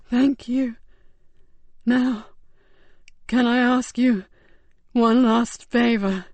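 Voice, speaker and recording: Lady narrator doing a dying man, barely whispering, slow and broken up, gasping for air, dry close sound. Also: fairly high pitch, steady tone, darkish tone, dry recording, pitched above the performer's own voice. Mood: weak pleading. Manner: faint, halting, breathy near-whisper. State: out of breath. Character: dying tortured man, weak and pleading.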